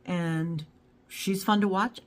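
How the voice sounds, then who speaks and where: A middle-aged woman with a low-pitched voice chats casually to her viewers. She rambles from one thought to the next in an easygoing way. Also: fairly even intonation, slow pace. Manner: rambling and chatty, talks to her dog. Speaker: YouTube haul vlogger. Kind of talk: casual chat to camera.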